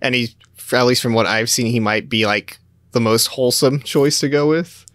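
Male podcast host, mid-pitched, rambling casual chatter, dry close recording. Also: moderate pace, a bit bright, dry recording. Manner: rambling and chatty, with frequent fillers and laughs. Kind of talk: casual gaming podcast chat.

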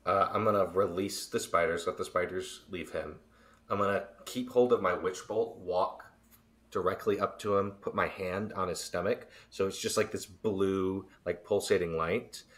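A man's voice: deep voice, fairly even intonation, normal speed, fairly bright tone. A man playing a tabletop role-playing game, declaring his character's actions in a theatrical way. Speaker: player.

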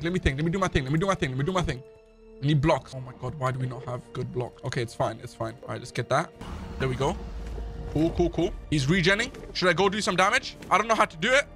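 A male streamer giving excitable gaming livestream commentary, talking to his chat and shouting when he panics. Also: on the high side, fast, soft background music.

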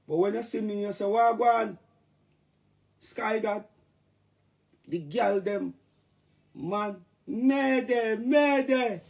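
A middle-aged Jamaican man rants and jokes in patois on a casual livestream. His voice sits high and carries a gravelly rasp. He talks in a loose, animated way.

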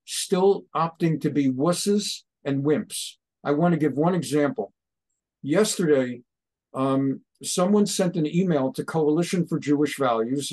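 A man, a rabbi speaking as a guest on an interview show, fiery and ranting, often rising to near shouts. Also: on the high side. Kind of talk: impassioned talk show interview.

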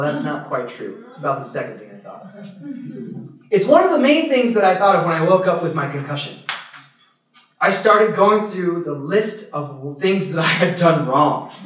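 A fairly high-voiced man teaches as a priest, speaking loosely and checking in with his listeners. His voice bounces around a very echoey room. He sounds set well back from the microphone. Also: a bit bright, slight background noise. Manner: conversational, checks in with "right?" and "okay?"; acts out other people's thoughts in little voices. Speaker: Catholic priest teaching adults. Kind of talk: parish adult-formation talk. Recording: very echoey room, mic far off.

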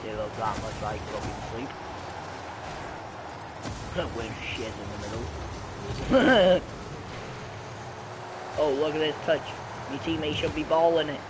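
A man's voice: mid-range voice, flat delivery, brisk, few pauses, very noisy. A young man giving crude, profane gameplay commentary. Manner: crude, profane trash talk. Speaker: gamer.

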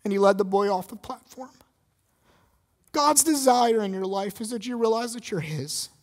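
A man's voice: high voice, normal speed. Emphatic male pastor preaching. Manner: emphatic, swings from loud stress to quiet intensity. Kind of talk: sermon.

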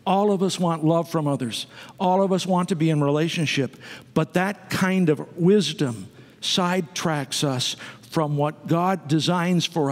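A man preaching a sermon to his congregation, conversational, with asides to the people in the pews. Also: a little high. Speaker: pastor. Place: church sanctuary. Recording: long reverb of a church sanctuary.

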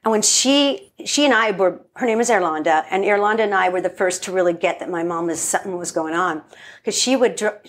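A woman's voice: on the low side, fairly quick. A woman, a guest filmmaker, tells family stories in a casual interview and acts out the quotes.

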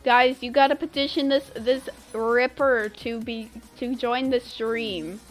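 A young woman chats playfully through a live game stream, giggling and humming silly made-up tunes. Her voice sits high and her pace is slow and easy. Faint game music plays underneath. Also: steady tone. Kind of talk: casual live-stream chatter while gaming.

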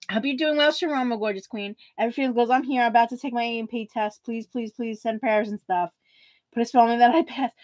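Giggly high-voiced woman chatting live. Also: no room sound. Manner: bubbly, giggly, calls viewers queen. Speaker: livestream host. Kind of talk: casual livestream chat, reading comments.

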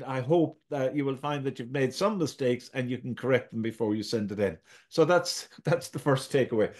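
A man leads a writing lesson over a shared screen. His voice sits a little high, and he speaks gently, pausing and restarting his phrases. He is heard through a computer mic. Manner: hesitant, self-correcting, gentle. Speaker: writing tutor.

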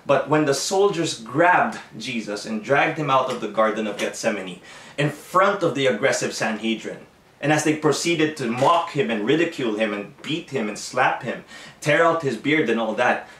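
A man's voice: mid-range voice, animated, normal speed, a bit bright, far from the mic, a little hiss or hum. A man preaching a sermon in an earnest way, often restarting his phrases, recorded at home. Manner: earnest, self-correcting preaching with many restarts. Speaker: pastor. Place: home room. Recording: echoey room, voice a bit off-mic.

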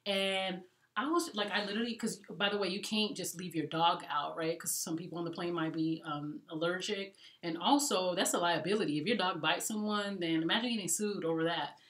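A woman vlogging travel tips in a chatty, animated way, talking to viewers as y'all. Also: on the low side, moderate pace, roomy sound. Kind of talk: casual storytelling vlog.

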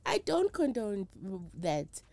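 A woman's voice: a little high, huge pitch swings, slow pace, gravelly, darkish tone. Emphatic South African woman guest. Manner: mixes English with Zulu and Sotho, emphatic and emotional. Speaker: traditional healer, interview guest. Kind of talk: candid interview talk.

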